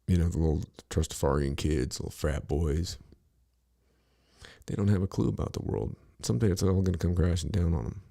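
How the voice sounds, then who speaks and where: A man's voice: low voice, creaky, warm tone. A middle-aged man talking bluntly and casually on a podcast, rambling and profane, with lots of "you know" between his thoughts.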